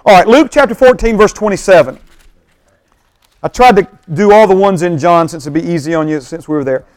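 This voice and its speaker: A high-voiced male pastor leads a Bible study class with animated energy, often pausing to ask his listeners if they follow. The sound is close and dry, with no room echo. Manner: animated, keeps checking in with the class.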